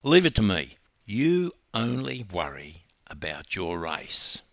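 A man voicing a big, affable man who answers bluntly and calmly. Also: low voice, takes it slowly, gravelly, no echo, studio quality, pitched below the performer's own voice, exaggerated voice. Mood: reassuring.

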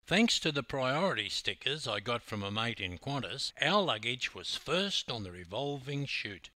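A man's voice: mid-range voice, big pitch swings, normal speed, bright, forceful tone, no echo. An older man with an Australian accent, a swimming coach telling a story with wry humor. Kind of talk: storytelling narration.

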